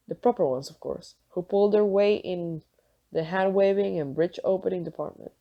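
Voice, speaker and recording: A woman reading a novel aloud in a relaxed way, with occasional self-conscious asides. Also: lowish voice, normal speed, highs cut off. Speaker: reader.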